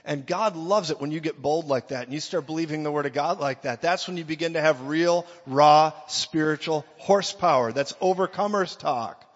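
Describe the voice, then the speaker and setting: A man's voice: fairly high pitch, moderate pace, hardly any pauses. A man preaching a sermon with emphasis, acting out quotes in mock voices. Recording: long reverb, dull lo-fi sound.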